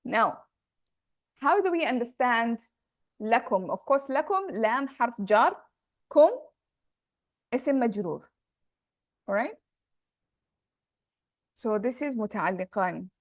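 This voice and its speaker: Higher-voiced woman teaching grammar, dry sound. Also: animated, slow pace, long pauses, no room sound. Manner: thinks aloud, corrects herself, checks in with students. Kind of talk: online class explaining grammar.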